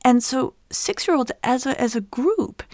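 A woman's voice: sits high, measured pace, no room sound. Brief: middle-aged woman, expert guest, dry close sound, chatty explainer. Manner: lively, explains plainly, often laughs. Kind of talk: conversational explanation with anecdotes.

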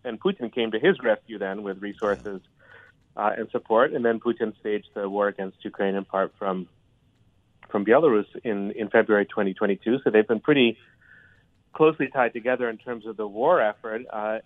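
A man's voice: on the low side, steady tone, fairly quick, dry recording. A man, a history professor, giving analysis in a radio interview with a thoughtful, hedging way of talking. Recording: tinny dry phone line.

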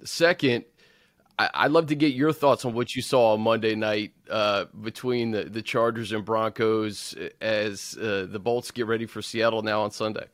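A man's voice: on the low side, fairly even intonation, moderate pace, no room sound, studio quality. A man hosting a sports talk show, often restarting his sentences as he runs through team news. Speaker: host.

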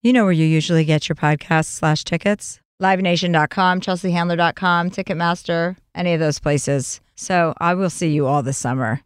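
A woman podcast host in her forties chatting casually and joking with animated asides. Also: fairly low pitch, moderate pace, few pauses, clean tone, dry recording, studio quality. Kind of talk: casual chat and ad reads.

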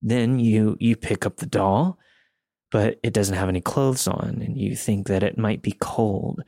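A man voicing a creepy grown man who talks slowly, with slurred speech and a childlike way of phrasing things, eerily calm. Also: fairly low pitch, no echo, clean studio sound. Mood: eerie.

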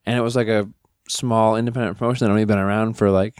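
A man co-hosting a podcast, talking casually with hesitant pauses. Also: on the low side, flat delivery, darkish tone, clean tone, no echo, studio quality. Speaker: podcast co-host, promoter. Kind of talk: casual chat.

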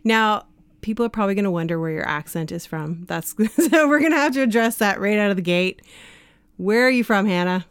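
A Canadian woman hosting a podcast interview, chatty and quick to laugh, often drifting into asides. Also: medium pitch, lively intonation, clean tone, no room sound. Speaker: podcast host. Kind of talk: casual interview chat.

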